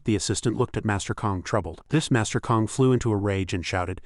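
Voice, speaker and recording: A man's voice: fairly low pitch, a little fast, hardly any pauses, a little mellow, no echo. Man narrating a story recap, dry.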